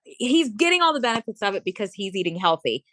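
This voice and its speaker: A chatty woman in her late thirties or forties, a bodybuilder and fitness coach, telling stories on a podcast and playing out both sides of each conversation. Her voice sits in an ordinary middle pitch. The sound is dry and close, with no room echo. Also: sing-song, quick pace, a bit bright. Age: late 30s or 40s. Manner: chatty storyteller, acts out quoted dialogue. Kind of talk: casual chat.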